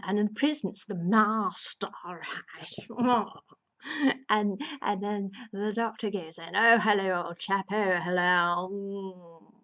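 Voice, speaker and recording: A woman chats her way through a story summary for her video review, stumbling over restarts, fillers and little laughs as she goes. Her voice sits at an ordinary middle pitch. The recording sounds a bit muffled and lo-fi. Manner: rambling, with many restarts and fillers; amused, laughs between lines. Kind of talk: casual retelling of a plot. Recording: slightly dull lo-fi sound.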